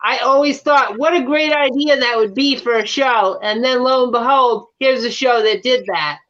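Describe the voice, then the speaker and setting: Bright, rambling chat guest. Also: medium pitch, moderate pace. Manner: enthusiastic, rambling. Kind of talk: casual chat. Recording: dull lo-fi audio.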